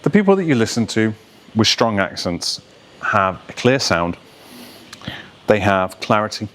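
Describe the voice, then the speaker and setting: Lower-voiced male voice coach. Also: unhurried. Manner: articulate, steady, explaining with examples. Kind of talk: explanatory video lesson.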